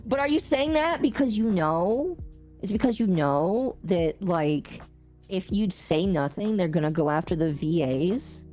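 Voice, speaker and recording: A woman streamer rants casually to her live chat. Her voice swings from low mutters to sudden high exclamations. Faint music plays quietly behind her. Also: unhurried. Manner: animated ranting with big pitch jumps and laughter. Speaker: gaming streamer.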